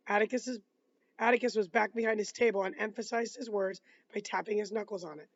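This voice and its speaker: A man's voice: high-pitched, fairly even intonation, fast, gravelly, dull audio. A man reading a novel aloud, breaking off for casual asides and restarting words. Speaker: reader.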